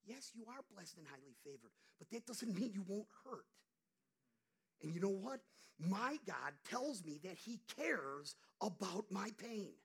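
A man's voice: sits high, very animated, unhurried, gravelly, fairly bright tone, slightly rough, low-quality recording. A male pastor preaching a sermon in a conversational way that builds to impassioned pleading.

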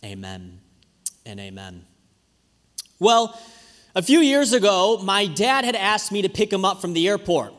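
A man, a pastor preaching a sermon with lively, conversational storytelling. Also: high voice, moderate pace. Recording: reverberant hall.

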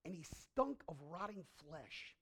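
A man preaching a sermon as pastor in a church, telling the story dramatically and swinging between loud, emphatic bursts and hushed passages. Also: on the high side, very animated, slow pace, slightly rough.

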